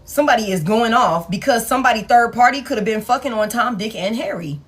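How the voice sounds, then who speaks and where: A woman's voice: fairly high pitch, expressive, fast talker, slightly rough. A woman tarot reader, chatting casually to viewers, laughing often and swearing as she acts out the people in her reading. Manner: laughing, profane, playfully acts out quoted people.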